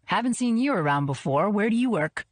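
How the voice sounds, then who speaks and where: A woman's voice: mid-range voice, lively intonation, fairly quick, no echo, pitched above the performer's own voice, natural voice. A woman voicing a pushy, overfamiliar man flirting at a party, in a smarmy tone.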